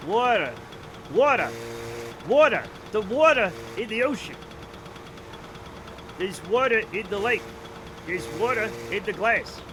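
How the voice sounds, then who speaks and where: Streamer, male, Rhode Island accent, very high voice, animated and profane, game engine noise behind. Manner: animated, swearing, drawn-out vowels. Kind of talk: casual chat with viewers while gaming.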